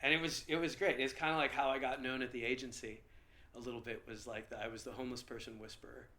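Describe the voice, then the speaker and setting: A male comedian guest telling stories in a casual podcast interview with an animated, lively manner. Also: medium pitch, quick pace.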